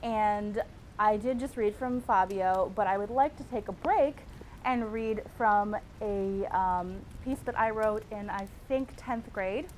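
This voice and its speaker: Female host, mid-pitched, wry and self-mocking, casual stream chat. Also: slow, a little mellow, a little hiss or hum, poor audio.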